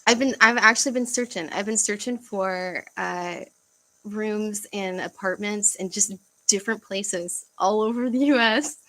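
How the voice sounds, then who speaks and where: Young woman, casual home livestream host, halting delivery with fillers and sighs. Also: mid-range voice, bright, forceful tone, low-quality recording. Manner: halting, searching for words, frequent fillers and sighs. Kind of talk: casual livestream chat reading comments.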